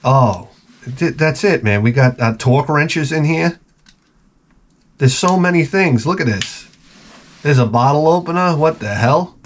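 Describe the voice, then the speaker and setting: Rambling, excitable man unboxing mail. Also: fairly high pitch, measured pace. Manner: rambling, excitable, swears freely. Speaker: vlogger opening fan mail. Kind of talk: casual unboxing chat. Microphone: camera mic.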